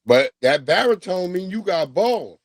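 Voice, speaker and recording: A man's voice: sits high, expressive, unhurried, dry recording. A man hosting a casual livestream, talking loosely with profanity and street slang. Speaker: livestream host.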